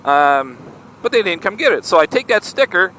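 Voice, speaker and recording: A man casually telling a story to his vlog audience, chatty and animated, often tossing in "right?". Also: high-pitched, normal speed, slight background noise. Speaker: motorcycle vlogger.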